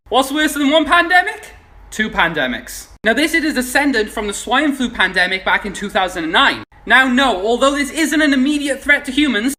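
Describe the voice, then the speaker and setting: High, bright-voiced man ranting comically. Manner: excitable, sweary, sudden shouted punchlines. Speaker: social media creator. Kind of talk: comic science commentary.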